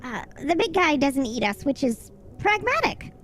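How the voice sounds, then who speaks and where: A woman's voice: sits high, very animated, moderate pace, a bit bright, a little hiss or hum, pitched above the performer's own voice. A woman muttering as a weary cynical rat. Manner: muttering and sighing.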